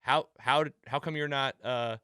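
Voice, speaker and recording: A man hosting a casual recap chat, retelling scenes with animated quotes. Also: mid-range voice, normal speed, clean tone, no echo, clean studio sound. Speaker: podcast host.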